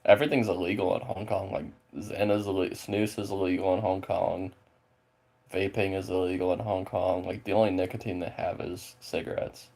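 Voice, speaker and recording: A man's voice: deep voice, vocal fry, a little mellow. A man from the US Pacific Northwest chatting casually with viewers, rambling and swearing freely, his sentences full of fillers. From Spokane, Washington, USA. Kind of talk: casual chat.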